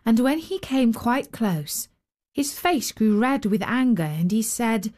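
A woman hosting a storytelling show, reading a children's story in a slow, expressive narration. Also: on the high side. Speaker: storyteller host. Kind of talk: scripted narration.

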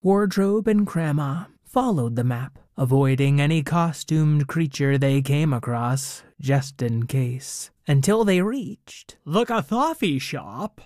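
A man's voice: on the high side, animated, slow pace, few pauses, darkish tone, no echo. A man narrating a comic storybook tale in a playful way.

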